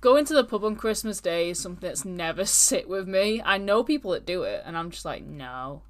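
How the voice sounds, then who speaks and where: Sex: woman. Role: podcast co-host. Style: casual, rambling chat. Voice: smooth and clear. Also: medium pitch, animated, fairly quick. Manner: chatty and rambling.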